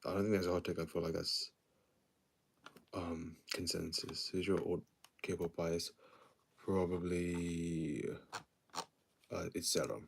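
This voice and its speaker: A young man hosting a casual livestream and reading out viewer comments, talking in a tired, quiet, low-key way. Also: fairly even intonation, slow pace, creaky, pauses often, husky. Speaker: livestream host.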